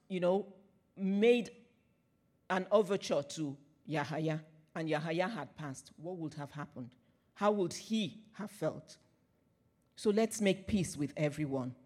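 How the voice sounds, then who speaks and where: A man preaching a sermon, earnest, telling a personal story and repeating phrases, often letting his voice fall soft at the end of a line. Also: high-pitched. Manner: earnest, with soft drops in volume at the ends of phrases.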